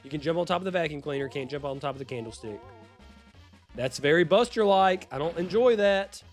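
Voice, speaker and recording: A man with a Louisiana accent, chatting and joking as he streams a retro game, now and then yelping with excitement. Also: on the high side, brisk. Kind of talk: casual live-stream commentary. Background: faint game music.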